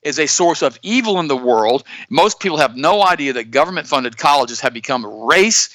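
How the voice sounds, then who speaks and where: A man hosting a talk radio show, telling stories and commenting on the news to his co-host in an animated, repetitive way. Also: a little high, moderate pace, no echo. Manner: storytelling, animated, repeats himself; addresses co-host directly.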